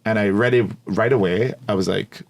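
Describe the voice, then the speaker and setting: Lowish-voiced guy on a podcast, animated, does the voices of people in his stories, laughs a lot. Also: moderate pace. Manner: animated, acts out quotes with a raised voice, laughs often. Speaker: podcast guest. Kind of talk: casual storytelling.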